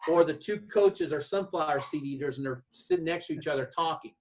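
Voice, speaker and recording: A man, a football coach, giving blunt, folksy advice to other coaches and acting out his own yelled calls. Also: a little high, huge pitch swings, a little fast, gravelly, a little hiss or hum. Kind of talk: casual advice talk to coaches. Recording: dull lo-fi sound.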